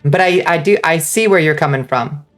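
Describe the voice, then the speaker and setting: A woman's voice: low-pitched, normal speed, faint music behind. A woman streaming a video game, chatting casually with viewers and swearing freely. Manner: chatty, profane, reacting to chat. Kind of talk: casual gaming commentary.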